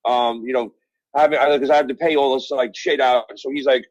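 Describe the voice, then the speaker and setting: Brisk and steady, a middle-aged Brooklyn man speaks in a medium-pitched, darkish voice on a dry recording. A guest author in a casual interview over dull phone-call audio, he rambles through profane stories full of fillers.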